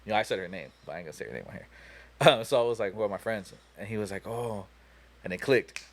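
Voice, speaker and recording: This young podcaster has a fairly low pitch and an animated, fast delivery. His long, profane story rambles along, full of "like" and "you know," as casual storytelling talk.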